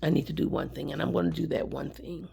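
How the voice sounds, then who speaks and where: A woman's voice: sits low, steady tone, quick pace, creaky, dark tone, slight background noise. A middle-aged woman who runs small businesses, talking earnestly on a live stream, near tears and repeating words of encouragement. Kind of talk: emotional live stream talk.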